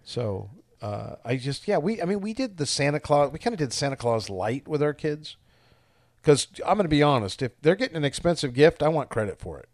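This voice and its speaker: A man's voice: on the high side, big pitch swings, fairly quick, dry recording, studio quality. A man co-hosting a casual podcast, a pastor with a wry, teasing humor.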